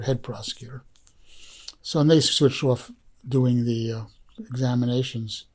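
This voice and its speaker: A man's voice: medium pitch, fairly even intonation, unhurried, pauses often, a little mellow. A man who is a guest on a podcast, telling a story in a rambling, heartfelt way, full of fillers and restarts. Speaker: podcast guest, documentary filmmaker. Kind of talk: casual storytelling.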